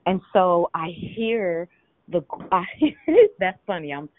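A woman leading a group call, giving spiritual teaching in a measured, teacherly way with rhetorical questions. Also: fairly low pitch, dry recording. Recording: tinny phone line.

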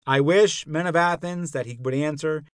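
An elderly philosopher on trial, probing and ironic, is voiced by a male podcast narrator in a dramatic reading of a classical dialogue, questioning his accuser in a pointed, rhetorical, indignant way. The delivery is lightly acted, lowish and fairly quick, in clean studio sound with no echo.

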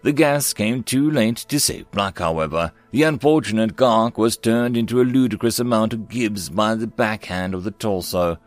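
A man narrating science fiction stories in an expressive, varied storytelling manner. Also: lowish voice, moderate pace, hardly any pauses, no room sound, faint music behind.

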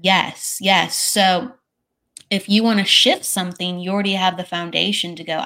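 Low-voiced woman, reflective and measured. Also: steady tone, sharp tone. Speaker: psychic medium, guest. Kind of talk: casual podcast conversation.

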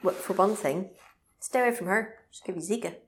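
A woman co-hosting a casual chat, recapping a video game with animated, laughing asides. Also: mid-range voice, fairly quick.

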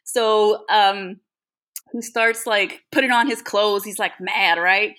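A woman with a bright, forward voice sits at the mic as a podcast co-host. She tells her story in loose, casual chat, swearing freely and speaking without a filter. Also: medium pitch, steady tone, slow pace. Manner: candid, profane storytelling.

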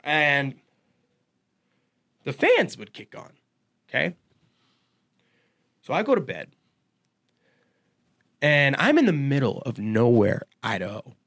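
A man telling a wild story in casual chat, profane and animated, swearing freely. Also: mid-range voice, takes it slowly, pauses often. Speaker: podcast guest.

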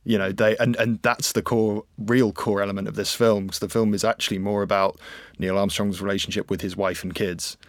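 A man with a fairly low voice talks through a film in a relaxed conversation. He muses thoughtfully and circles back on his words. The sound is close and dry. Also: a little fast, dry recording. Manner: thoughtful, musing, repeats words while thinking. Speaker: film reviewer. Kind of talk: casual discussion.

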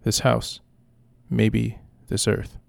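Man voicing a haunted woman who hears voices, gravelly, low, flat, quiet and halting. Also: no room sound, heavily acted. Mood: uneasy. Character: troubled woman hearing accusing voices.

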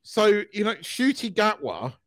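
A man's voice: sits high, a little slow, no room sound. A middle-aged man co-hosting a podcast, talking bluntly and swearing freely in casual chat. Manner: blunt, sweary, animated ranting. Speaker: podcast co-host.

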